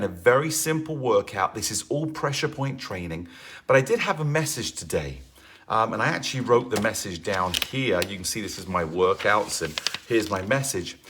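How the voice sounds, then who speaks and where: Male fitness instructor, chatty livestream intro, fairly low voice, many fillers. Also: fairly bright tone, slightly rough. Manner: rambling, many fillers, greets viewers by name.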